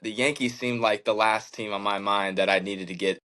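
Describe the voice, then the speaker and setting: Earnest low-voiced man telling his story. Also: steady tone, a little fast, bright, forceful tone, clear, resonant tone, low-quality recording. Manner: earnest, reflective, many fillers like "like" and "man". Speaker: professional baseball pitcher, guest. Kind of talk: candid interview storytelling.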